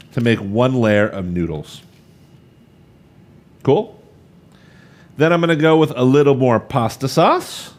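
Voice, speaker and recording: A man's voice: medium pitch, darkish tone. A man in his thirties leading a live cooking demonstration, chatty and upbeat, talking straight to the viewers as he works. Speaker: cooking instructor.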